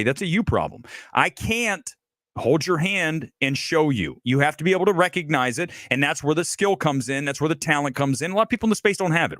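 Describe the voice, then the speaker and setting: Man, film critic host, blunt, emphatic, somewhat high-pitched, dry recording. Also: a bit bright, no echo. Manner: blunt, emphatic, self-assured. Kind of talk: opinionated livestream commentary.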